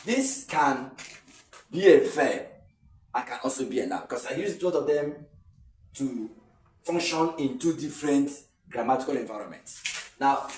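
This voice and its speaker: A man teaches an English exam-prep lesson, repeating words to show where the stress falls and adding example sentences. He sounds a little distant from the mic in an echoey room. A faint noise sits underneath. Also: mid-range voice.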